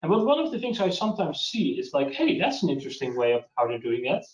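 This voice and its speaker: A man's voice: fairly high pitch, very animated, fast talker, darkish tone, far from the mic. A man presenting a webinar and answering questions in a casual, hesitant way, often restarting his sentences. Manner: hesitant, restarts, practical advice. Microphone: video call. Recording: lo-fi roomy web call.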